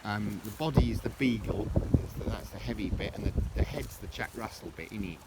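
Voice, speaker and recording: A man's voice: lowish voice, a little fast. A middle-aged man chatting casually for his vlog, rambling and jokey with cheeky asides, recorded outdoors on a walk. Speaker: vlogger. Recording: outdoor recording with loud background noise.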